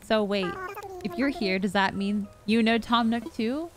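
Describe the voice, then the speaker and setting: A woman's voice: on the high side, measured pace, lightly acted. A woman reading aloud the lines of a friendly, chatty traveling male cat from a video game, with an upbeat manner.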